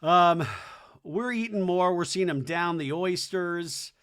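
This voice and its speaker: A man hosting a podcast, recapping a reality TV episode with sarcastic, animated commentary and putting on voices for quotes. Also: high voice, takes it slowly, clear, resonant tone. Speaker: podcast host. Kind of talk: comedic TV recap.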